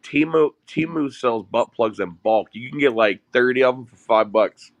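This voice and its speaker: A man's voice: mid-range voice, moderate pace, vocal fry, slight background noise. A man on a live stream panel, teasing and joking, swearing freely in crude casual banter. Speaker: panel guest.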